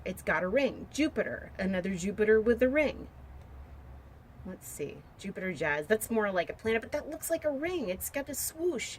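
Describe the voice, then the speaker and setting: A woman's voice: mid-range voice, slight background noise. Rambling, joking woman in her forties. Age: 40s. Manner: rambling, joking, half-serious storytelling; muses aloud while browsing pictures on screen. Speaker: vlogger. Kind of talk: casual monologue to camera.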